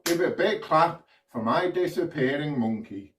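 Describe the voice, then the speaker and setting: A man's voice: fairly high pitch, animated, moderate pace, reverberant, distant mic, rough recording. A man from the UK performing a playful children's magic routine, prompting the audience to join in.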